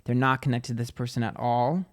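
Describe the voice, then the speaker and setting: A man with an ordinary mid-range voice gives a loose, chatty tarot reading directly to his viewers, speaking at a steady, brisk clip. He swears freely and keeps drifting into acting out little imagined scenes.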